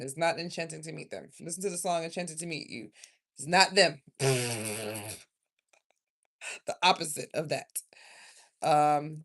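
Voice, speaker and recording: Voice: mid-range voice, fairly bright tone. A tarot reader from South Carolina, giving a rambling, emotional, chatty card reading in a casual livestream.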